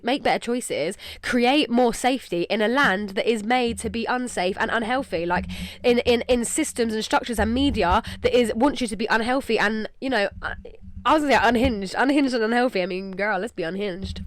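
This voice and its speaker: With a medium-pitched voice and no room sound, a young Englishwoman hosting a podcast speaks in a candid, casual way. Her talk is emotional and rambling, heavily peppered with "like."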